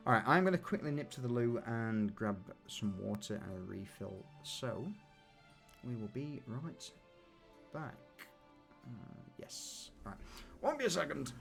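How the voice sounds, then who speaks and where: A man's voice: mid-range voice, big pitch swings, measured pace, creaky, a bit bright, soft background music. A man hosting and running a tabletop game stream, chatting casually and candidly with some swearing. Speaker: game master and stream host. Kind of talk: casual chat between sessions.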